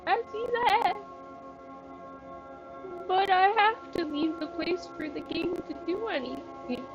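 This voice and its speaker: A woman's voice: very high-pitched, expressive, slow pace. A woman playing a video game and commenting, apologetic, emotional and giggly. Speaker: game streamer. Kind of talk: let's play commentary. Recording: dull sound with game music.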